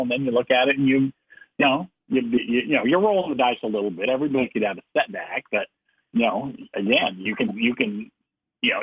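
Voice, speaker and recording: A man's voice: mid-range voice, breathy edge, no room sound. A man co-hosting a sports podcast by phone, rambling with many fillers and restarts. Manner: rambling, full of "you know" and restarts. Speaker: sports podcast co-host calling in. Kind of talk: casual sports podcast chat. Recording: tinny phone line.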